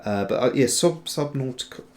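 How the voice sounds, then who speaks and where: Male host, mid-pitched, loose and rambling, chats with viewers while sculpting. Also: expressive, brisk. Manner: rambling, chatty, trails off and restarts; answers viewer chat while working. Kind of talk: casual livestream tutorial chat.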